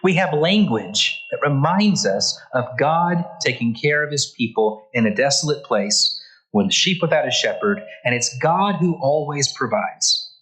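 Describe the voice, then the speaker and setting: A man's voice: medium pitch, animated, measured pace, a bit bright, poor audio. Male Bible class teacher, earnest and emphatic, reading and explaining scripture. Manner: reads passages then stops to comment.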